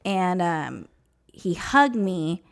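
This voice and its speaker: A woman's voice: on the low side, very animated, extremely slow, creaky. A woman from New Mexico, a podcast guest, telling a personal story in casual, emotional, rambling talk full of fillers.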